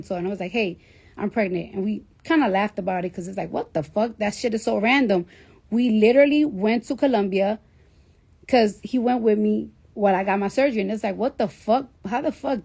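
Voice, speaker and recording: A woman's voice: mid-range voice, brisk, vocal fry. A woman, telling a story in casual, profane chat and acting out the voices of the people in it. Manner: profane, animated, acts out quoted voices. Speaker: rapper telling a story to listeners.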